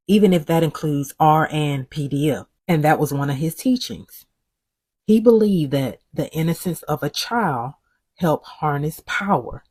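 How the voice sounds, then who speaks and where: Husky, dry voice-over narrator. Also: medium pitch, darkish tone, dry recording. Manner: insinuating, matter-of-fact.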